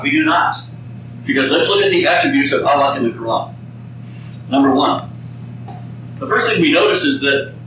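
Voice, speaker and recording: A man's voice: medium pitch, noisy background. A man giving a live teaching talk to a group, talking conversationally, often repeating words and putting questions to the audience. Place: meeting room with an audience. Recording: very echoey room from far off.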